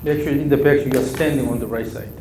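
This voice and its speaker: Quick-paced and steady at medium pitch, a Korean-accented man coaches a golf student live, repeating short cues during drills. The recording has a noisy background in an echoey room with faint ambience.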